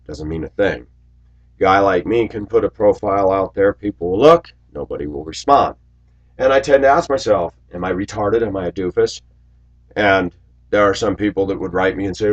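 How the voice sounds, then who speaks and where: Low-voiced man in his forties rambling. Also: muffled recording. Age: 40s. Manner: rambling storytelling, acts out quotes loudly. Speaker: video blogger. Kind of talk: casual monologue to camera.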